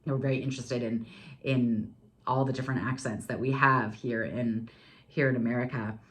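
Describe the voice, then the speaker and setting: A woman in her forties from California with a Californian accent, hosting a podcast in a casual, animated storytelling monologue. She talks fast and says "like" a lot. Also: a bass voice. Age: 40s. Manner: animated, outgoing. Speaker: podcast host.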